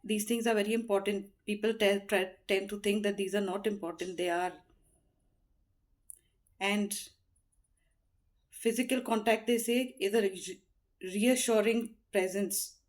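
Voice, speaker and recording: A woman's voice: mid-range voice, steady tone, a little slow, pauses often. A middle-aged woman giving heartfelt, earnest advice, speaking unhurriedly with frequent "you know" fillers. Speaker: motivational speaker.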